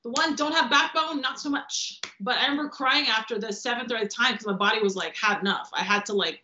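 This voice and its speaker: A woman's voice: on the high side, pushed and bright, slight background noise. A woman, a stunt performer guest, telling stories on a casual podcast, acting out quotes and swearing freely. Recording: roomy, dull lo-fi podcast audio.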